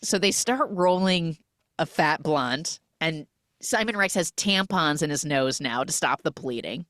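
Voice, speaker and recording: A woman hosting a podcast, recapping a film in a casual, animated storytelling way and acting out the characters' lines. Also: low voice, a little slow, no echo, studio quality. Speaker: podcast host.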